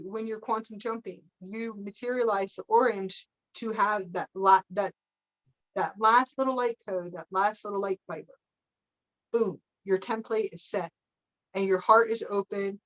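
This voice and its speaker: Meandering woman teaching on a lo-fi call. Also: mid-range voice. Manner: meandering, checks in with frequent "okay?"; laughs often, playful asides. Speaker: spiritual teacher. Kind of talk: live spiritual teaching session.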